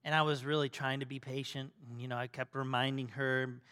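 A middle-aged male pastor preaching a sermon, telling a family story and swinging from loud emphasis to soft, hushed tones. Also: medium pitch, level tone, brisk. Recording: long hall reverb.

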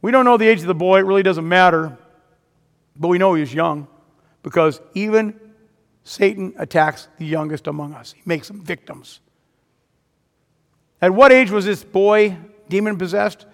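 A man's voice: high voice, moderate pace, pauses often. A man preaching a sermon, retelling a story dramatically and rising to emphatic peaks. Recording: long hall reverb.

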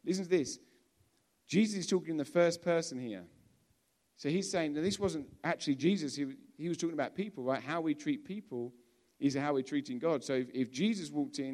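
English man preaching in a relaxed, chatty sermon. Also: a little high, brisk. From England. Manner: conversational, with frequent restarts and repeated words.

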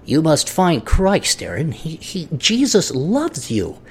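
A man putting on the voice of a smug, preachy religious man, speaking slowly and sanctimoniously. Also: on the high side, huge pitch swings, slight background noise, heavily acted. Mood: mocking. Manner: mock-sanctimonious, slow.

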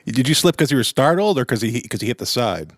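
A man's voice: mid-range voice, big pitch swings, fast talker, a little hiss or hum. A man co-hosting a podcast who mostly gives short reactions and questions.

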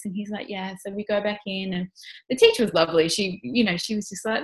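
A woman's voice: mid-range voice, steady tone, fast. Woman telling a heartfelt story. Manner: warm, heartfelt, many "you know" fillers and restarts. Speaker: parenting instructor guest. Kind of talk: casual storytelling in an interview.

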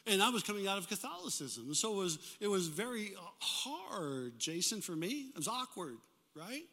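Older male pastor, high bright voice, animated call-and-response sermon, hall reverb. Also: moderate pace. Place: church sanctuary.

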